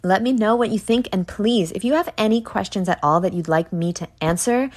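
A young woman hosting a solo podcast, ranting with heavy profanity and swinging between hushed asides and loud outbursts. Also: medium pitch, fairly quick. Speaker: podcast host.

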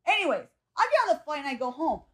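High, lively woman in chatty talk. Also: quick pace. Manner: chatty, frequently laughing, swears. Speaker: podcast guest. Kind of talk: casual chat.

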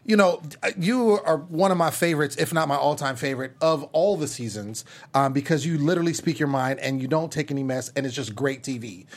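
A man's voice: on the high side, brisk, hardly any pauses. A man hosting a casual panel chat show, hyped and playful, greeting guests with big energy. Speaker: host.

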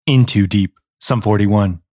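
A man's voice: fairly low pitch, a little slow, a little mellow. A man hosting a comedic audio drama as an amateur detective, talking awkwardly and switching to sudden screaming. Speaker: podcast host playing an amateur detective.

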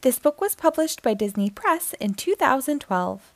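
A woman reading a picture book aloud to children, expressive and sing-song. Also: high-pitched, moderate pace, no room sound. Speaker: storyteller.

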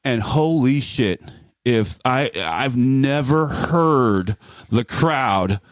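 A man telling a story in casual podcast chat, animated and profane, mimicking voices as he goes. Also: medium pitch, drawn-out words, dry recording. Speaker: guest storyteller.

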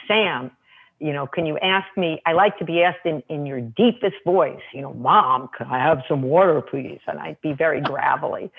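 A woman, co-author of a parenting book and mother of two, telling relaxed stories about raising her kids in a chatty way. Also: deep voice, vocal fry, husky. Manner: relaxed, anecdotal, hesitant restarts. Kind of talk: casual conversational storytelling. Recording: tinny phone-like line.

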